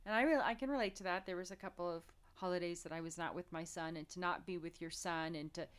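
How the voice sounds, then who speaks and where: A woman co-hosting a podcast in casual chat, talking in an expressive, rambling way with lots of restarts and slangy asides. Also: lowish voice, fast talker, clear, resonant tone. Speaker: podcast co-host.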